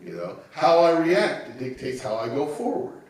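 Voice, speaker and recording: A man in his sixties tells his own story to a congregation with calm, unhurried reflection. His voice bounces around a very echoey church room, picked up from some distance off the mic. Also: mid-range voice. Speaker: guest speaker. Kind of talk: personal testimony. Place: church sanctuary.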